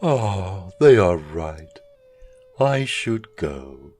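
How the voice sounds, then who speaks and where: A man's voice: sits low, sing-song, drawn-out words, exaggerated voice. A man voicing a sad lonely duckling. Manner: downcast, quiet. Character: sad lonely young grey duckling, boy.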